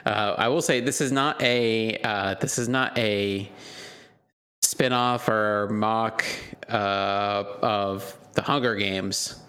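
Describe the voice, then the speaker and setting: A man's voice: lowish voice, steady tone, slow pace, sharp tone, smooth. A man co-hosting a casual podcast, often chuckling and stumbling over his words as he talks. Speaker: podcast co-host.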